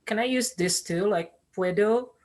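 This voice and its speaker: A woman's voice: mid-range voice, moderate pace, darkish tone. Hesitant woman student asking questions. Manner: hesitant, many fillers like "like".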